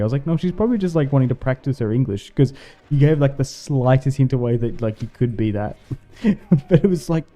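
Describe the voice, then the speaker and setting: With faint music behind him, a man streams a strategy game live and rambles casually, laughing a lot. He has a warm, medium-pitched voice and talks fast.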